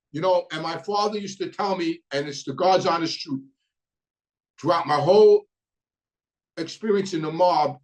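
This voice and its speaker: A man's voice: high voice, low-quality recording. A middle-aged man with a New York accent, telling a prison story in a blunt, profane, casual way, full of restarts and fillers. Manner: blunt, profane, many restarts and "you know".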